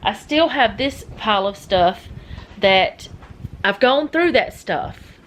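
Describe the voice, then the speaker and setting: A middle-aged woman with a drawl chats away in a loose, rambling manner and drifts off topic. Her voice sits at a middle pitch. A faint hum of noise runs behind her. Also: animated, slow, fairly bright tone, rough recording. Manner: rambling, chatty, easily sidetracked. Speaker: vlogger. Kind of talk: casual chat.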